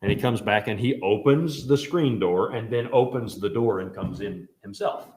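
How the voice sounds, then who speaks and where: A man teaching a Bible class in a casual, joking way, telling animated stories. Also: on the low side, normal speed, echoey room.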